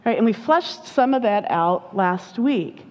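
A woman's voice: medium pitch, lively intonation, unhurried, darkish tone. A woman giving a conversational sermon as a preacher, chatty and often checking in with her listeners. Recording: dull lo-fi sound with long hall reverb.

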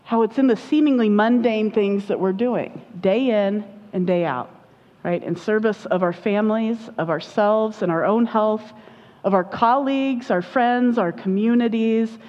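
A woman's voice: mid-range voice, unhurried, darkish tone. A woman giving a conversational sermon as a preacher, chatty and often checking in with her listeners. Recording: dull lo-fi sound with long hall reverb.

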